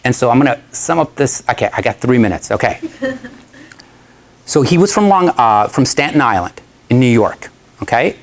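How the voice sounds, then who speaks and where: A man giving a talk to an audience, telling a story in a chatty, animated way and laughing often. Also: mid-range voice. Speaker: guest speaker.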